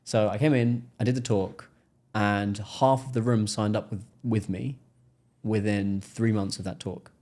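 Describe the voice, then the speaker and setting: An English man speaks as a podcast guest, his voice sitting a little low. He tells his story with energy and often acts out the people he is quoting. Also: steady tone, unhurried, a little mellow. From England. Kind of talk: casual interview storytelling.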